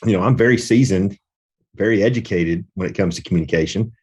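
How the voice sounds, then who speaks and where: Middle-aged male podcast host, very low voice, rambling reflective storyteller. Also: quick pace, a little mellow, breathy edge. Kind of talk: casual podcast conversation.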